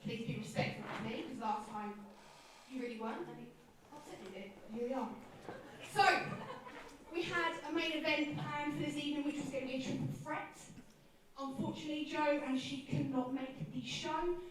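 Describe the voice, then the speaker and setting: A woman addresses a wrestling crowd as general manager, her high voice halting and full of fillers. She sounds faintly awkward. The mic sits far off in a cavernous, echoing hall with faint hum behind. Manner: hesitant, fillers, slightly awkward. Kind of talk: in-ring promo speech.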